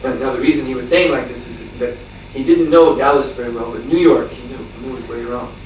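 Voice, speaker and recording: A man's voice: medium pitch, steady tone, fast talker, a little mellow. Echoey male monk telling a story. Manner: storytelling with chuckles and frequent fillers. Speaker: monk lecturer. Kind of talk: anecdotal scripture class. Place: lecture room at a farmstead. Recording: echoey room, distant mic, faint hiss.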